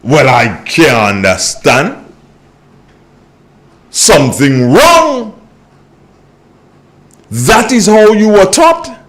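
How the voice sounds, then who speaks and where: A man's voice: on the high side, big pitch swings, very slow, pauses often, a bit bright. A Grenadian man hosting a political radio talk show, scolding listeners and repeating points for emphasis.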